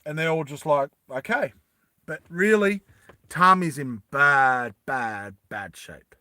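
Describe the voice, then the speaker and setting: A man casually retelling an adventure story in a rambling, animated way with many fillers. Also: on the high side, slow pace, no room sound.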